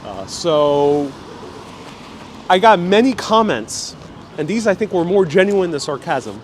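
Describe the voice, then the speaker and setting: A man's voice: high voice, big pitch swings, slow. Chatty American man live-streaming from the street. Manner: chatty, reads viewer comments aloud. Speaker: travel vlogger. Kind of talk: live-stream walking vlog, reading chat. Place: outdoors on a city street. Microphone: handheld phone. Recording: noisy street.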